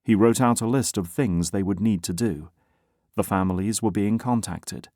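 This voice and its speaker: A man narrating an audiobook in a steady, even reading. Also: on the low side, moderate pace, no echo, clean studio sound. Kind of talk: scripted narration.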